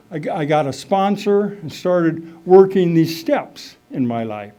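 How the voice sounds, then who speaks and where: A middle-aged man giving a rambling, animated personal testimony at a recovery meeting, full of fillers and asides. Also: on the high side, measured pace, few pauses. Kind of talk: personal testimony, casual storytelling.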